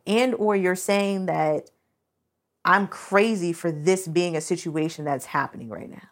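A woman's voice: fairly low pitch, measured pace. Woman podcast host, casual personal storytelling, candid and emotional. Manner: candid, emotional, many "like" fillers.

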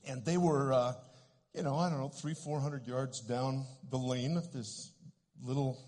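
A man in his sixties preaching a sermon, telling stories earnestly and growing animated at the high points. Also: unhurried, big-room sound. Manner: earnest storyteller, animated when telling of healings. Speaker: ministry director. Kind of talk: sermon with storytelling.

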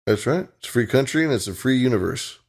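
A man's voice: mid-range voice, animated, quick pace, darkish tone, slightly rough. A young man co-hosting a podcast, laid-back and joking in casual chat. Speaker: podcast co-host.

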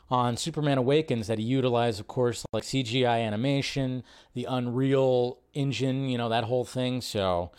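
A man hosting a live film news stream, chatting casually and rambling, often jumping from high excited bursts to low mutters. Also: clear, resonant tone. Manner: rambling, animated, jumps between high and low.

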